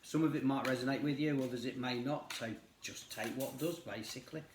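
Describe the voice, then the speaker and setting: A man's voice: mid-range voice, a little fast, noisy background. A middle-aged man doing a tarot reading, talking casually and rambling, with lots of fillers and restarts. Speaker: tarot reader. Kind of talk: casual chat while reading cards. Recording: roomy echo.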